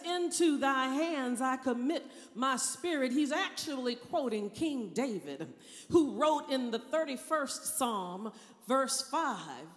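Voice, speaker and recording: Woman preaching in an echoing church. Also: high voice. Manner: call-and-response, rising to loud cries. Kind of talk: Good Friday sermon. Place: large church. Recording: long church hall reverb.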